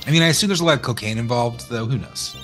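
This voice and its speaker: A man with an East Texas accent, co-hosting a casual game stream, reading chat aloud and joking with a lively, laughing manner. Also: mid-range voice, racing, soft background music. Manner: animated, jokey, laughs often, reads chat aloud.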